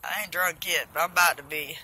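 A tipsy woman vlogging on her phone while walking outdoors, loud and profane, laughing often. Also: sits low, steady tone, quick pace, slight background noise. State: tipsy from drinking. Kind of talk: casual self-filmed vlog. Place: outdoors walking along a road.

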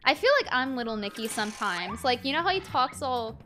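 A woman's voice: a little high, animated, brisk. A woman streaming a party game with viewers, rambling and teasing her chat with bursts of mock outrage. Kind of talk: casual livestream chat. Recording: game music playing behind her.

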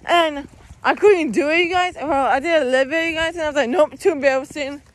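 A woman's voice: high-pitched, fairly quick, no room sound. A young woman vlogging outdoors while she walks, talking to her viewers in a rambling way and saying "you guys" constantly. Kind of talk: casual walking vlog. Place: outdoors on a walk.

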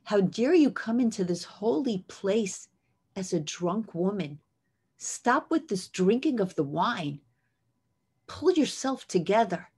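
A woman voicing a stern priest from scripture, speaking slowly and reproachfully. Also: high voice, very animated, darkish tone, husky, full character voice. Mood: scolding. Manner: slow, reproachful. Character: stern old priest, scolding and severe.

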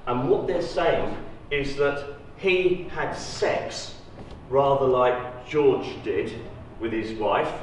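A man giving a university lecture, lively and asking the audience rhetorical questions. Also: medium pitch, slow, a little hiss or hum. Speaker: guest lecturer. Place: lecture hall. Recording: roomy echo, distant mic.

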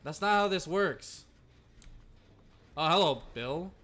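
A man streams a game with excitable live commentary, swearing and talking straight to the other players. His voice sits high and swings widely in pitch. He talks at an unhurried pace.

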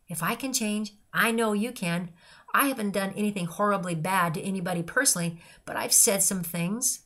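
A woman's voice: mid-range voice, fairly bright tone. An older woman, a grandmother, giving an earnest personal devotional talk in a repetitive, list-like way of speaking. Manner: earnest and repetitive, listing phrases. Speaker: christian speaker.

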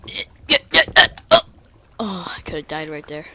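A let's play gamer chatting casually and excitably through each move of the game. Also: medium pitch, moderate pace. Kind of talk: casual gameplay commentary.

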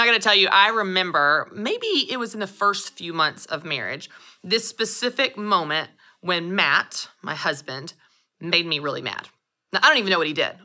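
Bright animated woman podcast host. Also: mid-range voice. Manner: animated storytelling, acting out quoted lines. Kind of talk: scripted solo podcast monologue.

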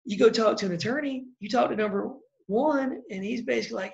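Blunt gravelly-voiced male sales coach. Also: very high-pitched, fast, hardly any pauses, dull audio. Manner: blunt, conversational, acts out example calls. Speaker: real estate sales coach. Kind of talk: casual coaching talk.

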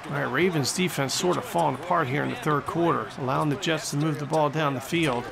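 A man giving excitable play-by-play commentary over a football video game, exclaiming at big plays and mocking the other team. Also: on the high side, fast talker, vocal fry. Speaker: gaming channel host. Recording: stadium crowd noise from the game behind.

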